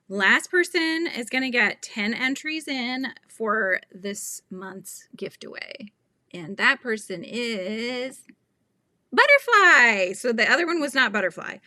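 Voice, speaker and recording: A woman chatting on a casual live stream, laughing often and losing track of her own thoughts. Her voice is bright and crisp. The sound is close and dry. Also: mid-range voice, lively intonation, takes it slowly, no echo. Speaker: livestream host.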